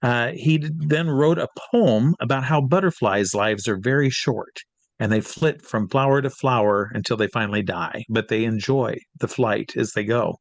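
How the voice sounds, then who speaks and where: A man from Iowa tells a long anecdote as an interview guest, lively and animated, pushing his voice up when he reenacts what people said. He sits at a middling pitch, and the recording is dry and close, with no room sound. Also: no room sound. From Iowa, USA. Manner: lively storyteller, voice climbs high when reenacting scenes. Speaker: interview guest, hypnotist and magician.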